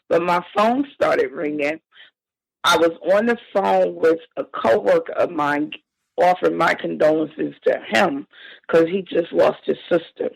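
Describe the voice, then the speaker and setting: A woman telling a painful family story as a podcast guest, halting and emotional with frequent restarts. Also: lowish voice, vocal fry, no echo, low-quality recording. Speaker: victim's sister, interview guest. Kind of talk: personal account in a podcast interview.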